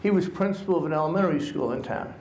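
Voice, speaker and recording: A man's voice: a little high, racing, darkish tone, slight background noise. A male author giving a talk to a live audience at a college, telling wry, self-mocking anecdotes. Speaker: author and guest speaker. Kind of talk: humorous storytelling talk to an audience. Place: college lecture hall with an audience. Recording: echoey hall sound.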